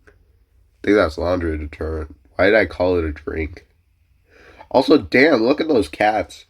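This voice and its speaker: A man's voice: sits low, sing-song, measured pace, slightly rough. A young man hosting a reaction video, making joking, self-mocking asides as he comments casually.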